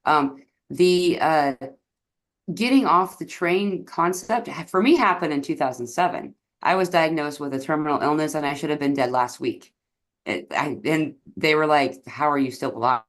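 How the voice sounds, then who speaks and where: A woman's voice: deep voice, moderate pace. A woman hosting a spiritual interview, encouraging and affirming. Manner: encouraging, soft back-channel replies. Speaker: interview host. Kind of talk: casual spiritual chat.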